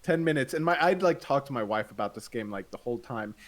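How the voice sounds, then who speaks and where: Speaking fast in a medium-pitched voice, a man co-hosting a podcast spins a story in casual conversation, performing the characters' lines with lively energy.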